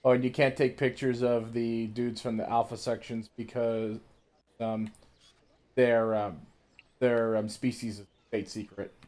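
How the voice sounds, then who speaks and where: A man's voice: mid-range voice, level tone, unhurried, a little mellow. A man playing a game on stream, musing aloud casually with fillers. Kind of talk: casual commentary while playing.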